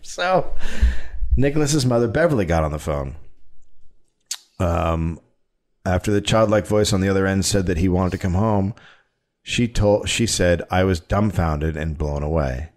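A man hosting a comedy podcast, telling a true story with a deadpan, sarcastic delivery. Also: low-pitched, unhurried, long pauses. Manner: deadpan storyteller who mock-defends the lie with sarcasm.

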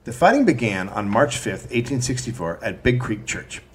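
A man's voice: mid-range voice, big pitch swings, normal speed, noisy background. A man co-hosting a comedy history podcast, reading quotes from his notes and breaking off into profane asides. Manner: profane, reads quotes from notes then riffs.

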